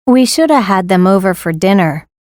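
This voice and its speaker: A woman reading grammar exercise sentences in a plain, clear manner. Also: mid-range voice, animated, moderate pace, a little mellow, no room sound, clean studio sound. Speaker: example sentence reader.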